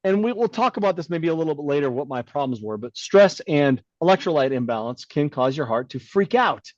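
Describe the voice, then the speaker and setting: A man's voice: on the high side, brisk, no room sound, muffled recording. A middle-aged man, a podcast co-host, telling a personal story in casual chat, blunt and given to acting out the voices of the people in it. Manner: animated storyteller who acts out quoted dialogue.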